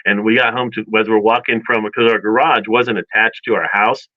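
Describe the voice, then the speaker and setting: A man's voice: on the low side, fairly quick, no room sound. Guy on a radio show rambling thru a childhood story, does little voices for his family, slightly muffled broadcast sound. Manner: rambling, animated storyteller acting out family quotes. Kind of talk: casual storytelling chat. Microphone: studio microphone.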